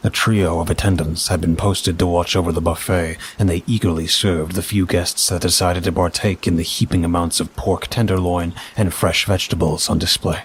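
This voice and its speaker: A man reading a first-person story aloud, measured and steady. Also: deep voice, slight background noise. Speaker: narrator. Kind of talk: scripted story narration.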